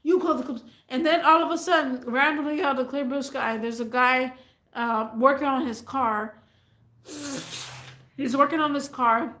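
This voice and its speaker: A woman's voice: high voice, normal speed, bright, forceful tone, echoey room. A woman vlogger casually and animatedly retelling a neighbor story, rambling as she goes.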